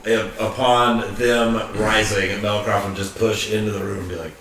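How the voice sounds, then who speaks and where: A man playing in a tabletop game, speaking slowly and hesitantly. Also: on the low side, level tone, a bit bright. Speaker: player. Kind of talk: casual tabletop play. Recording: echoey room, distant mic, background noise.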